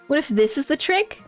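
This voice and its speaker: Giggly high-voiced woman streamer. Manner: giggly, playful, reads game text aloud. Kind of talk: casual game stream commentary.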